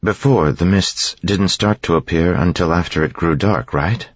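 A man with a husky voice voicing Vin, a sharp, impatient young woman, in an audiobook reading. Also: sits low, normal speed, no room sound, highs cut off, pitched above the performer's own voice. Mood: uneasy, pressing. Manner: pressing questions, impatient.

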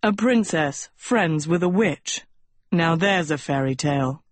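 A woman voicing an arrogant teenage prince, smug and teasing, in a low husky voice close to her own. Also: expressive, a little slow, no echo.

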